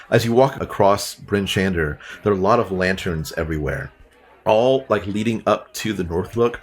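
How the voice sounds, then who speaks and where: A man narrating a tabletop game as game master, in a casual, descriptive way with many fillers. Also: low voice.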